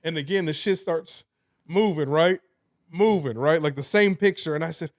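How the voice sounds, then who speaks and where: A young man with a high voice tells a story on a casual podcast. He is animated and laughs through his lines. He swears freely and keeps checking in with "right?". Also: moderate pace. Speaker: podcast co-host.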